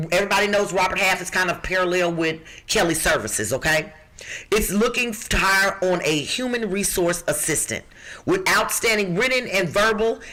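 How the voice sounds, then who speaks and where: A middle-aged woman from the Midwest with a rough-edged voice, co-hosting a podcast and reading out job listings in a brassy, emphatic, joking way. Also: mid-range voice, pushed and bright. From Chicago. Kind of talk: lively podcast chat.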